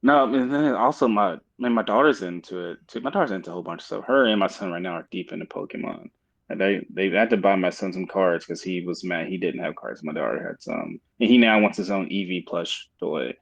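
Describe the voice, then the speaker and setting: A man in his thirties co-hosting a podcast, telling stories in an animated way and laughing easily. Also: sits low, a little fast, vocal fry. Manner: animated storyteller, laughs easily, says "yeah" a lot. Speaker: podcast co-host. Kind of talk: casual chat. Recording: dull lo-fi mic.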